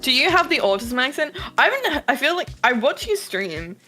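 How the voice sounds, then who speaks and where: Young woman from the UK, lively animated voice, bright tone, swears a lot, laughs, faint music behind. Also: sits high, a little fast. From UK, Scottish-Irish family. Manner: expressive, swears, laughs often. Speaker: streamer. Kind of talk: casual stream chat.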